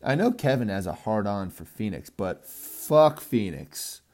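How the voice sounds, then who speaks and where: Profane rambling man, low and dark. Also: very animated, a little slow. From California. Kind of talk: casual monologue.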